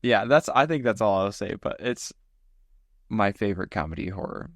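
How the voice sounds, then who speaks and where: Animated man retelling a film. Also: on the low side, normal speed, vocal fry, dry recording, studio quality. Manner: animated storyteller, acts out scenes. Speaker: podcast co-host. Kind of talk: casual podcast chat.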